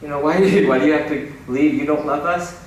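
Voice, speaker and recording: A man's voice: on the high side, steady tone, fast, pitched above the performer's own voice, lightly acted. A man voicing a fretful mother who pleads and guilt-trips her son. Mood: pleading. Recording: echoey hall, distant mic, noisy.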